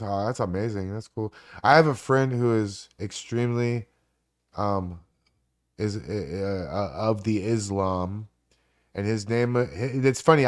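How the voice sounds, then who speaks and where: A man in his forties hosting a live stream, rambling and swearing through casual stories. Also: on the low side. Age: 40s. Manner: rambling, profane, animated storytelling.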